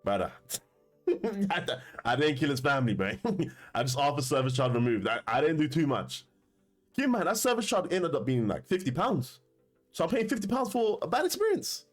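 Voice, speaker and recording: A man's voice: a little high, very animated, moderate pace, faint music behind. A man telling a story to camera in a casual, slangy way, often laughing. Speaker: commentator.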